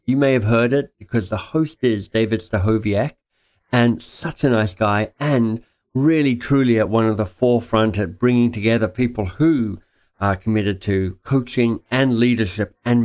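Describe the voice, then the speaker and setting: A man hosting a podcast interview, enthusiastic and gushing, quick to laugh. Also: mid-range voice. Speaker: podcast host. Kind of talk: casual interview.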